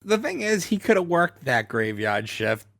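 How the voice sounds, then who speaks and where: A man's voice: fairly high pitch, sing-song, normal speed, gravelly, a bit bright, no room sound. Blunt, teasing man with a dry sound. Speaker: podcast co-host. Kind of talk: casual podcast chat.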